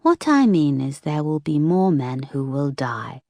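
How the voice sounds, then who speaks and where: A cold, unhurried female killer speaks in a muffled whisper over a phone line, voiced by a woman narrator. Her voice stays low and even, and every word lands slowly and calmly. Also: no room sound, full character voice. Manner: slow, calm, menacing.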